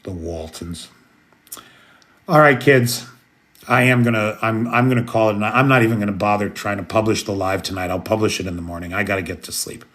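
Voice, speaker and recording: A man's voice: on the low side, a little fast, fairly bright tone. An American man hosting a late-night livestream, chatting casually and greeting viewers by name. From United States. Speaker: livestream host. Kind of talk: casual live chat, answering viewers.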